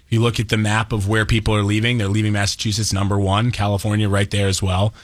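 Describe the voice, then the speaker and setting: A man chatting as a guest on a talk radio show, measured and agreeable as he walks through figures. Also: fairly low pitch, level tone, no room sound. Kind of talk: casual talk radio chat. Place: radio studio.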